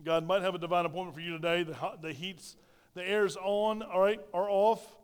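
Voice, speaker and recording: A man's voice: high-pitched, little pitch movement, normal speed, clear, resonant tone, big-room sound. A middle-aged male pastor preaching a sermon into a microphone in a church, telling stories, repeating phrases and asking the congregation questions. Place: church sanctuary. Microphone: handheld microphone.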